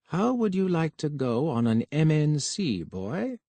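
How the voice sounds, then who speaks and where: Male narrator doing a raised-pitch, patronizing old boss for an audiobook; dry, close read. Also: sing-song, warm tone, dry recording, exaggerated voice. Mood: jovial. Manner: brisk, patronizing, calls him boy.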